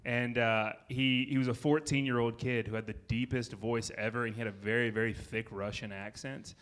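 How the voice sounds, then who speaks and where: A man, a comedian and former teacher, telling a story live on stage, halting and restarting before building to excited punchlines. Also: mid-range voice.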